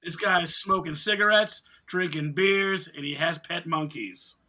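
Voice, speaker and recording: A man's voice: fairly high pitch, unhurried, pushed and bright. A man hosting a casual podcast, announcing tournament brackets playfully and chatting with co-hosts. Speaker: podcast host.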